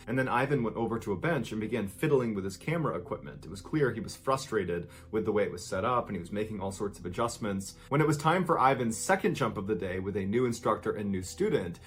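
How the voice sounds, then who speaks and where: A man narrating true stories in a vivid, dramatic storytelling style. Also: on the low side.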